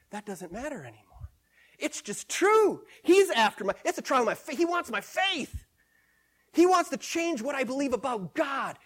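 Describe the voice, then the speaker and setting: A male preacher delivering a sermon, repeating scripture phrases with emphasis and swinging between hushed and loud passages. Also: high voice.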